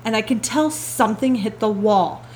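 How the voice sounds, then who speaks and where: High-voiced woman, lively podcast storyteller. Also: normal speed, a little hiss or hum. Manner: animated storyteller, laughs often, swears casually. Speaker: podcast host. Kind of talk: casual chat.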